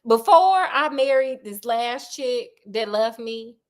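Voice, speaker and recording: A lovesick aristocratic duke pleads and confesses in casual slang, as a woman storyteller puts him on. The voice sits fairly high, only a little lower and softer than the narrator's own. The manner is pleading and rueful. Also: slow pace. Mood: confessing.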